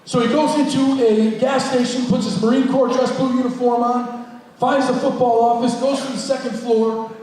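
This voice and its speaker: A man who is a school coach and counselor tells a motivational story to a hall full of students, addressing them directly and plainly. His voice sits high. It sounds distant and echoes with a long reverb through the large room. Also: flat delivery, normal speed, darkish tone.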